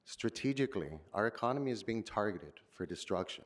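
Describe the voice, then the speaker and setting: Earnest man with a lowish voice. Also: lively intonation. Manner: earnest, measured, speech-like delivery. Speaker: public commenter. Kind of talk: formal public comment at a council meeting.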